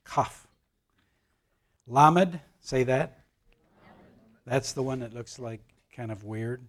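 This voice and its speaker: A man teaching a Bible class, telling jokes to older listeners in a halting manner full of fillers and restarts. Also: medium pitch, flat delivery, darkish tone. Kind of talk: joke-telling Bible lesson.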